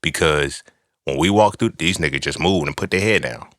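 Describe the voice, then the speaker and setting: A man's voice: rumbling low, normal speed, dry recording, studio quality. A young man telling a personal story in a casual, profane monologue, acting out what people said. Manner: animated, profane storytelling with acted-out quotes. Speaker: podcast host.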